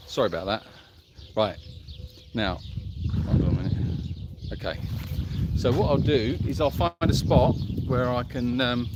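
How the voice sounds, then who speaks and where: A man's voice: medium pitch, background noise. A man hosting a casual livestream from an animal sanctuary, chatting outdoors among donkeys and greeting viewers by name in a friendly, self-deprecating way. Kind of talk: casual live-stream chat reading comments.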